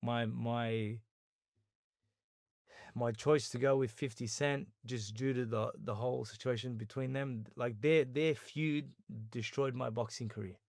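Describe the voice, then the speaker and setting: An Australian man, a guest on an interview podcast, telling a story in a lively conversational way and acting out what other people said. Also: medium pitch, unhurried, no room sound, studio quality. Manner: animated retelling, acting out others' words in quotes.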